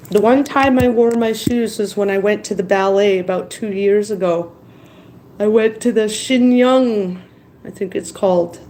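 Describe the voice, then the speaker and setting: A woman's voice: medium pitch, a little mellow, slight background noise, poor audio. A tired woman hosting a casual live stream, rambling between topics and reading viewer comments aloud. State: tired after crying.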